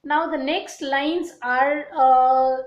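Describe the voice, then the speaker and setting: Woman teacher going over a poem, high voice, lots of uh and okay, echoey room. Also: fairly even intonation, highs cut off. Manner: halting, many fillers and restarts, checks in with "okay" and "right". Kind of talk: explaining a poem to a class.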